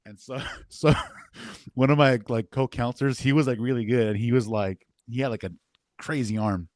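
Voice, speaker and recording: A man's voice: mid-range voice, steady tone, moderate pace, darkish tone, dry recording, clean studio sound. A young man co-hosting a podcast, telling casual stories in a laid-back way full of filler words. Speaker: podcast co-host. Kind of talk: casual chat.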